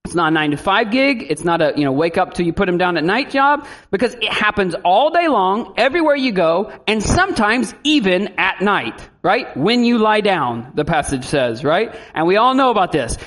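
A man preaching a sermon as a pastor, in a lively style with animated asides. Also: sits high, normal speed, few pauses.

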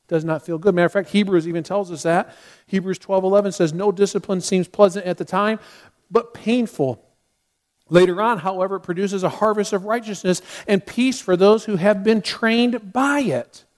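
A man's voice: sits high, normal speed, darkish tone. A middle-aged man preaching a sermon as a pastor, earnest, with sudden acted outbursts.

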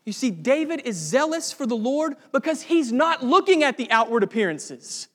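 High-voiced man preaching in a hall. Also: very animated, moderate pace, fairly bright tone. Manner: earnest preaching that builds to fervent emphasis. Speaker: pastor. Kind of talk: sermon.

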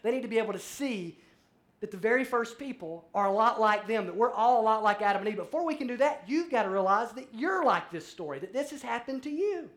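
A male pastor preaching a sermon, animated and conversational, acting out little scenes and reading scripture aloud. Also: high voice, fast talker. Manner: animated, acts out voices in a story, shifts between loud and soft.

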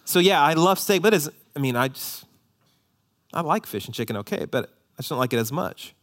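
A man preaching a sermon to a congregation, animated, with rising emphasis and joking asides. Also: on the high side, a little fast. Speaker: pastor. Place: church hall before a congregation.

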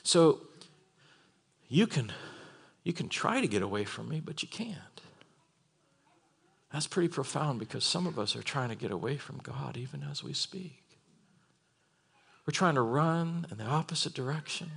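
A man preaching a sermon in a church, animated, with laughing asides and acted-out quotes. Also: medium pitch, moderate pace, creaky, pauses often, slightly rough.

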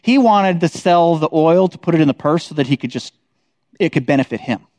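Man, fairly high voice, dry close sound, relaxed conversational Bible teacher who peppers his talk with filler and tag questions. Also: a little fast, no room sound. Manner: conversational, many "like" and "right?" tags.

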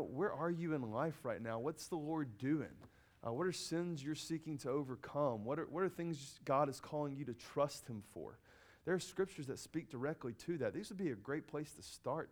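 A man's voice: medium pitch, darkish tone. Guy preaching a teaching sermon, earnest, mid voice, lots of ums, says key bits twice. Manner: earnest, repeats key phrases, frequent ums and uhs.

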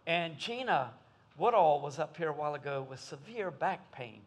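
A man preaches in an easy, folksy way. His voice sits a little higher than most men's, and he chats with the congregation as he talks. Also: expressive, moderate pace, husky. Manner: folksy, conversational. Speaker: pastor. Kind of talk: sermon.

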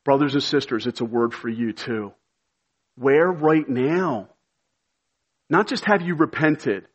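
A pastor preaching a sermon with earnest conviction, building to emphatic, shouted appeals. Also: male voice, medium pitch, slow pace, breathy edge.

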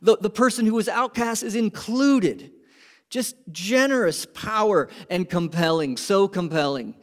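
Male pastor, higher-pitched voice, impassioned sermon delivery with swings from loud peaks to hushed lows. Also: animated, unhurried. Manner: impassioned, swings from loud emphatic peaks to quiet low asides.

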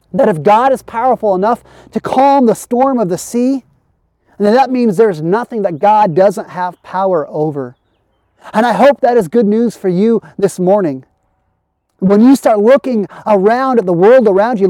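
Pastor preaching online, warm mellow voice, dry close sound, earnest, keeps repeating lines to build. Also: mid-range voice, dry recording. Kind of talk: sermon. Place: online church service.

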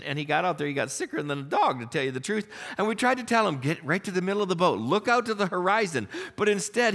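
A man preaching a sermon, telling stories with folksy humor and loudly acting out quoted lines. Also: sits high. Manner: animated storytelling, acts out quotes loudly. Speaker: pastor.

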